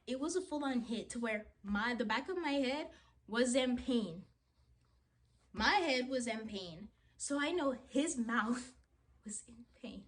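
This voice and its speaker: Animated young woman telling a story. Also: high voice. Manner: animated, dramatic retelling with many "like"s. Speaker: vlogger. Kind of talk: storytime chat while getting ready.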